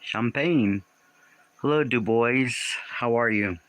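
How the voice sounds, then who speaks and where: Hosting a casual livestream from home, a man greets viewers by name, reads their comments aloud and answers them, often sounding confused. His voice is medium in pitch and slow. The recording is low quality with no room sound.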